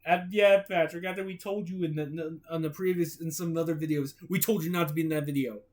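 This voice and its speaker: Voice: medium pitch, fairly even intonation, a little fast, darkish tone. A playful storyteller reading a cartoon story aloud, rambling and giggling between lines.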